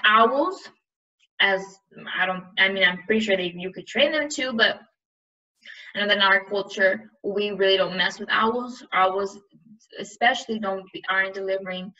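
A woman teacher reads a novel aloud and then talks it over with her class in a casual, chatty way. Her voice is bright and sharp. The recording sounds distant and muffled. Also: mid-range voice, normal speed. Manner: casual and chatty between readings.

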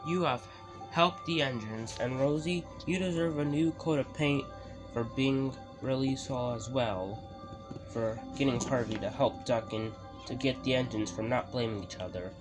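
Fan doing a quiet formal railway boss man handing out praise, loud music behind. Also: mid-range voice, moderate pace, lightly acted, poor audio. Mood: approving.

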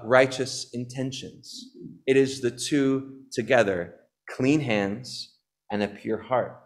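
A man preaching a sermon as pastor, earnest, repeating key phrases, with frequent fillers. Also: mid-range voice. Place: church.

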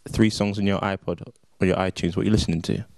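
A man's voice: low voice, steady tone, fast talker, creaky, a little mellow. A British man interviewing a guest, asking casual questions full of fillers.

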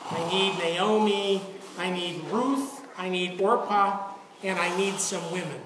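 Pastor, casual joking manner, coaxing volunteers, very echoey church, far from mic, loud hiss. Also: female voice, fairly low pitch, fairly even intonation, slow pace. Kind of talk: sermon, casual lead-in.

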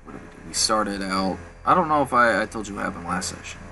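A man's voice: lowish voice, expressive, quick pace, vocal fry, a little hiss or hum, low-quality recording. A man giving casual gameplay commentary, rambling and swearing as he tells loose stories while he plays. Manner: rambling, profane, laid-back storytelling. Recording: voice over loud game music.

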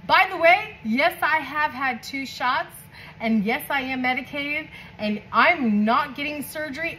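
A woman from California doing a loose, foul-mouthed tarot reading. Her high voice swings up and down with excitement and has a bright edge. A faint hiss sits behind her. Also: moderate pace, rough recording. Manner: profane, excitable, laughing often. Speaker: tarot reader.

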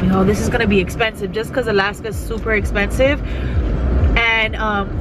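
A woman's voice: a little high, background noise. A young woman, a vlogging mother, talking to camera in an emotional, chatty way full of "like" fillers, from inside a car. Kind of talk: casual vlog talk to camera. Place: inside a parked then moving car.

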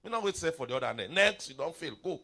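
A middle-aged man preaching a revival sermon, mixing pidgin into his English with sudden shouts and playful asides. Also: a little high, animated, fast, creaky, slightly rough.

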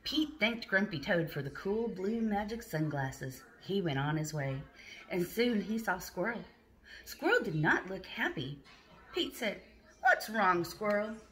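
A preschool teacher reading a picture book aloud, pausing to quiz the children and praise them. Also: female voice, mid-range voice, very animated, soft background music. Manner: slow, questioning, encouraging.

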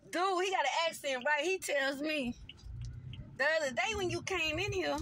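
High, bright-voiced woman vlogger. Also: slight background noise. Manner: animated, slangy, addresses viewers directly. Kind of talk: casual storytelling monologue.

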